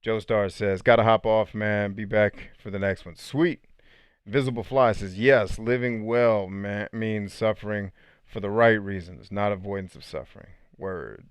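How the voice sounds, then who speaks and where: A man's voice: fairly low pitch, normal speed, smooth, no room sound. A man hosting a podcast and reading out live chat comments in a casual, slangy way, laughing often.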